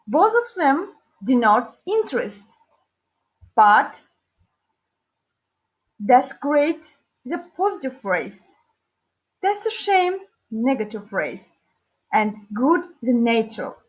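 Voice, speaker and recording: A woman teacher with a high voice leads a language lesson, spacing her words out slowly. She pauses on fillers as she explains. The recording sounds dull and lo-fi. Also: very animated, slightly rough. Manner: slow, deliberate, with hesitant fillers. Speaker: English teacher.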